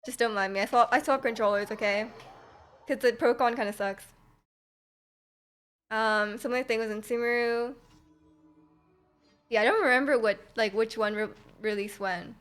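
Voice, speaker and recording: A woman's voice: on the high side, steady tone, moderate pace, long pauses, fairly bright tone. A woman streaming a game, chatting casually and giggling, rambling with lots of fillers. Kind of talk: casual chat while gaming.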